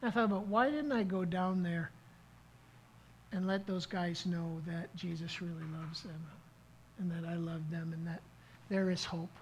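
A man's voice: high voice, steady tone, normal speed, slight background noise, rough recording. A middle-aged man preaching a sermon as pastor, telling a story in an earnest way, with frequent restarts. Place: church service.

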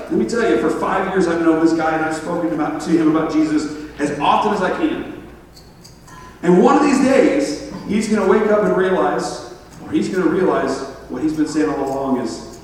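A man preaching a sermon, telling stories with laughter and animated asides. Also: on the high side, normal speed, slight background noise. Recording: echoey hall from far off.

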